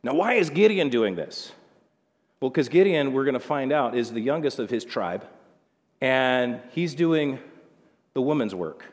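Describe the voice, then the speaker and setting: A man's voice: mid-range voice, lively intonation, measured pace. A man preaching a conversational Bible sermon, acting out quoted lines with changing voices. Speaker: pastor. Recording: long hall reverb.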